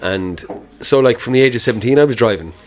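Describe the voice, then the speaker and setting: A man talks quickly and bluntly, dropping swear words into relaxed podcast chat. His pitch is ordinary, but the words come out in fast bursts. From West Kerry, Ireland. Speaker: podcast co-host and musician. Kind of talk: casual chat.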